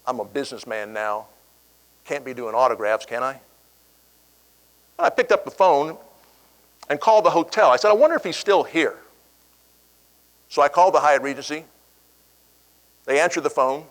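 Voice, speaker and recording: Man telling a lively anecdote on stage. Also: mid-range voice, normal speed, pauses often, rough recording. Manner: animated storyteller, acting out quoted voices. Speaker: keynote speaker. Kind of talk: storytelling speech.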